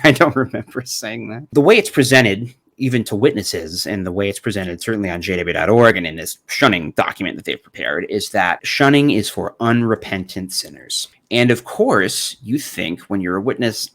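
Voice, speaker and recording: Low-voiced sarcastic man. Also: animated, normal speed, hardly any pauses, a bit bright. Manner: sarcastic, profane, laughs often. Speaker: channel host. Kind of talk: casual commentary vlog.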